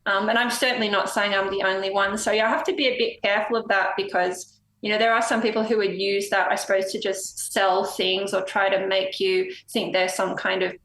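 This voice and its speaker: A woman numerologist talking as a podcast guest, animated, laughing often and jumping from story to story. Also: medium pitch, brisk, reverberant, rough recording. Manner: animated, laughs often, jumps between stories. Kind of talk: casual podcast chat.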